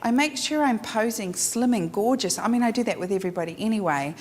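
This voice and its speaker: A woman teaching a live photography workshop, frank and animated, acting out her clients. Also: a little high, fast talker. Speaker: photography instructor. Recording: echoey room with faint noise.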